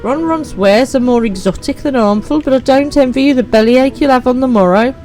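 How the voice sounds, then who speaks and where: A woman's voice: high-pitched, fairly quick, a little mellow, soft background music, voice pushed up, natural voice. A woman voicing a hearty game traveller in a put-on Birmingham accent, jovial and laughing.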